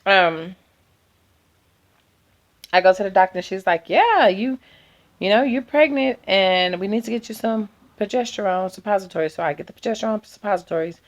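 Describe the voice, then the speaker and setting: A woman's voice: mid-range voice, steady tone, brisk. A woman vlogger, possibly, telling an emotional personal story and quoting herself and her doctors.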